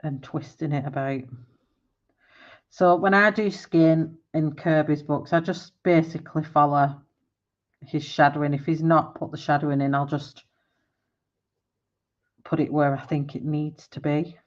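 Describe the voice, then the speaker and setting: A woman's voice: low voice, steady tone, measured pace, pauses often, muffled recording. A woman in her forties chatting casually on a live stream while she colours, rambling and laughing often. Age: 40s. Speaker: art livestreamer.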